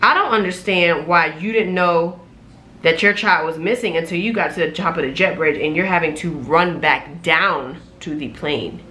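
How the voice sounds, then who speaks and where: A young adult woman and flight attendant, telling a story in a casual, animated, sassy vlog from a room at home, recorded on a camera mic. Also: on the low side, normal speed. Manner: animated, sassy, loud laughs, exclaiming.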